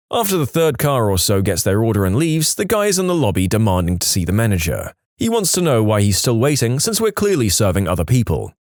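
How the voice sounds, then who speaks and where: A man's voice: mid-range voice, dry recording, studio quality. A man narrating online stories in a scripted read, with a wry, sarcastic storytelling manner.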